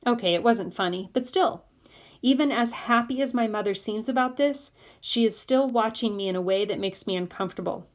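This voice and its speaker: A woman reading a novel aloud in steady first-person narration. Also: a little high, a little fast. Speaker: audiobook reader.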